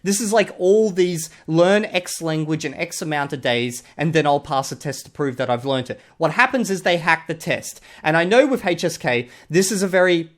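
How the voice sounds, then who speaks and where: An Australian man hosts a channel and reviews a video with casual, blunt, sarcastic commentary, swearing freely. His voice is a little high and animated, moving at a moderate pace with few pauses.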